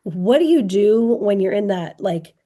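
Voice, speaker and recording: A woman hosting a casual podcast conversation, speaking candidly with thoughtful pauses. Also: medium pitch, expressive, warm tone.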